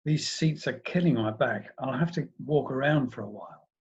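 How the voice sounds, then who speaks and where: A man's voice: medium pitch, normal speed, highs cut off, natural voice. A man voicing a sleep-deprived young university student who answers a little hesitantly. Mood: weary. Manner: tired, hesitant replies.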